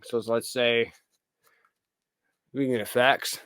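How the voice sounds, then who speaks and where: A man's voice: mid-range voice, flat delivery, takes it slowly, a bit bright, smooth, no echo. A man, a film director guest, chatting casually on a podcast, swearing freely and acting out his own reactions.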